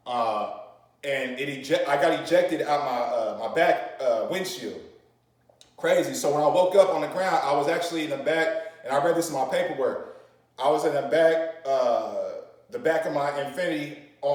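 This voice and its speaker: Rambling, slangy man, mid-pitched, telling his story in a very echoey room. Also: distant mic. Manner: slangy, rambling, full of fillers and restarts. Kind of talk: casual storytelling.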